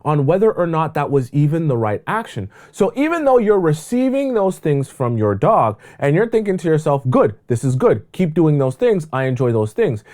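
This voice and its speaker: Animated male dating coach. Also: a little high. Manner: emphatic, repetitive, preachy. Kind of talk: advice monologue to camera.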